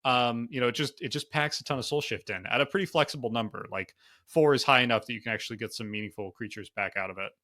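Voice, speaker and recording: A man's voice: mid-range voice, quick pace, sharp tone. A man co-hosting a casual card game review podcast, thinking aloud with lots of fillers. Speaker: podcast co-host.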